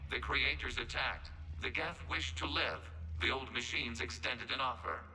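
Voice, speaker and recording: An actor playing a calm, formal male robot in a video game, speaking in a flat, precise way. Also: mid-range voice, moderate pace, faint music behind, rough recording. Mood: measured.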